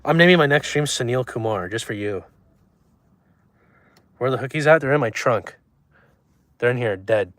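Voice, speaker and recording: Deadpan young man trolling his livestream chat. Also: medium pitch, moderate pace, pauses often, no echo. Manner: reads chat aloud and answers in a deadpan, trolling way. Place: in a car.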